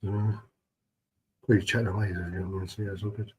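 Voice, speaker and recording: A man's voice: low voice, flat delivery, normal speed, slight background noise, rough recording. A man chatting casually on a live stream, greeting viewers and reading their messages in a laid-back, chummy way, keeping his voice down.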